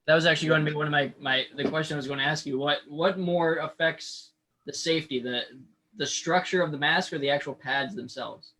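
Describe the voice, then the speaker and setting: A man's voice: on the high side, a little fast, sharp tone. A young man, a newer umpire, chatting frankly on a call and asking questions. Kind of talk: casual call-in chat.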